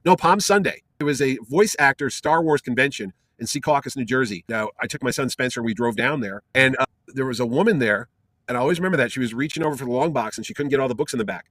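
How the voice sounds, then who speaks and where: A middle-aged man, a comic convention organizer, telling a lively anecdote in an interview with animated delivery. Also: medium pitch, quick pace, dry recording. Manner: lively, animated storyteller with fillers.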